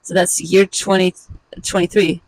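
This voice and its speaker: A woman in her forties casually walking through her own comic pages, sardonic and halting, with frequent fillers. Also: lowish voice, flat delivery, a little mellow, rough recording. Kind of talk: casual walkthrough narration.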